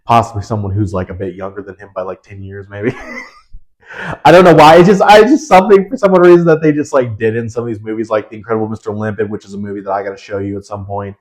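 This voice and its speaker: Rambling young man with a lowish voice. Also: fast talker, darkish tone. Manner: rambling, lots of fillers and restarts. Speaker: podcast co-host. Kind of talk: casual chat.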